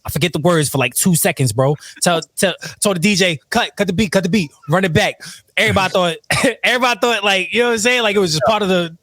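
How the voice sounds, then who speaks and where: A man's voice: high-pitched, fast talker, a bit bright, no echo, studio quality. A man telling rowdy stories in casual chat, laughing often and acting out what his friends said. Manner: laughing, quotes friends in retold dialogue. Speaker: podcast guest telling stories. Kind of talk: casual storytelling, profane and animated.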